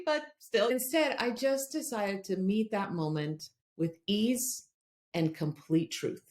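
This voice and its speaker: A woman's voice: medium pitch, moderate pace. Earnest storytelling woman in a roomy space. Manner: earnest, animated, acts out quoted voices. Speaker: guest. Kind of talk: conversational storytelling. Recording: roomy echo.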